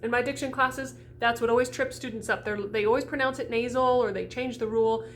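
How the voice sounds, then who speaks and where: A woman voice coach teaching French diction for singers, bubbly and animated, sounding out vowels as she goes. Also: fairly high pitch, brisk, a little hiss or hum. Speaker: classical voice coach.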